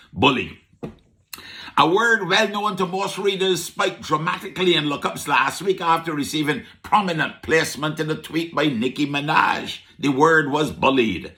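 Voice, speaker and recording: A man's voice: fairly high pitch, creaky, bright, forceful tone. A man with a Barbadian accent presenting a comedic radio word-history segment as a market vendor, playful and teasing with frequent "huh?" asides.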